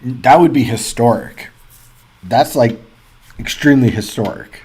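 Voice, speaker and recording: A man runs casual live weather coverage, chatty and excitable as he reads out reports and thinks aloud. His voice sits at an ordinary middle pitch with a husky, slightly rough edge. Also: unhurried. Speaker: weather livestream host.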